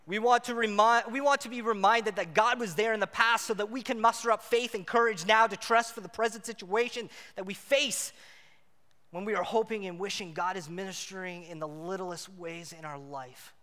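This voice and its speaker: A married man preaching a sermon, shifting between loud emphatic passages and quiet, intimate ones. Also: high voice, steady tone, normal speed. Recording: church hall reverb.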